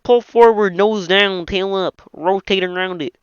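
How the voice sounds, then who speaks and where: A man's voice: high-pitched, a little slow, clean tone, dry recording. A man doing an impression of a nasal puppet frog, reading every part of a film script in that one voice. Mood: frantic. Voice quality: nasal, bright and reedy. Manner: voices all the film's characters in one frog voice. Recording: dull, lo-fi, dry home mic.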